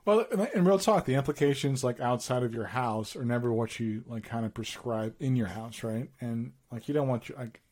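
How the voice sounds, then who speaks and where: A middle-aged man co-hosting a casual podcast chat, telling lively stories with slang and laughter. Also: mid-range voice, brisk, hardly any pauses. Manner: animated storytelling with laughs and slang. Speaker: podcast co-host.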